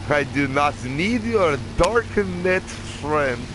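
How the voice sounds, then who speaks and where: A man's voice: a little high, pitched above the performer's own voice. Man putting on a fake Russian accent. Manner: slow, drawn-out, mocking. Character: mock Russian man ordering his aircrew. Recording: game noise in the background.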